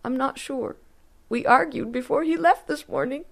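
A woman voicing a frightened, frail middle-aged mother in a storybook reading, her voice high and quavering. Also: normal speed, gravelly. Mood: grieving.

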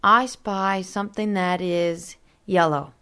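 A woman's voice: on the low side, steady tone, slow, sharp tone, clean tone. A woman voicing a sullen young brother who answers curtly and sarcastically. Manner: curt, sarcastic.

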